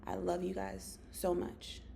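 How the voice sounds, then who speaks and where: A woman's voice: mid-range voice, completely flat delivery, a little slow, creaky, dark tone, a little hiss or hum. A woman giving a motivational monologue to her followers, earnest and affectionate, talking in run-on spurts with lots of "like.". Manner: earnest, affectionate, calls listeners "baby". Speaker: motivational vlogger.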